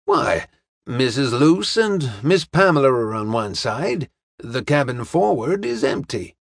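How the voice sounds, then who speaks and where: A man's voice: mid-range voice, sing-song, unhurried, slightly rough, dry recording, studio quality, heavily acted. A man voicing a nervous male American tourist who stammers when flustered.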